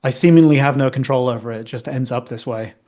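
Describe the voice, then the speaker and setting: A man's voice: mid-range voice, fast, dark tone. Male podcast guest, Northern English accent worn toward American, easygoing and self-mocking. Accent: Northern English softened toward American. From Northern England. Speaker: guest, company founder. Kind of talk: casual podcast interview.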